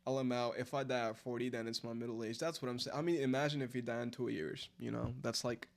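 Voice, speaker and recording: A man's voice: medium pitch, fairly even intonation, quick pace, gravelly. A man, chatting casually and rambling through a late-night live stream, answering chat as he goes. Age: 20s. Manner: rambling, filler-heavy, answers chat aloud.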